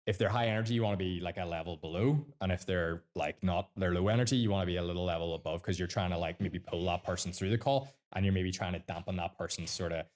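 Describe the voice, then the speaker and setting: A man's voice: deep voice, quick pace, few pauses, darkish tone. A Northern Irish man talking bluntly and swearing freely as a sales mentor on a casual podcast.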